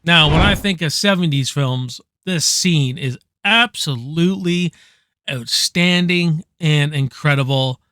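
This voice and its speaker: A man casually ranking favorite movies, rambling excitedly, swearing freely and tossing in "man" at every turn. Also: fairly high pitch, measured pace, dry recording, clean studio sound. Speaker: movie reviewer. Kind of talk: casual enthusiastic movie countdown.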